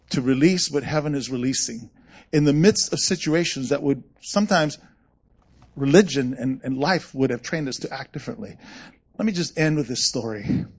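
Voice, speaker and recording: A man preaching a sermon as a pastor, telling stories and acting out quoted voices with animation. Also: fairly high pitch. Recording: muffled lo-fi sound.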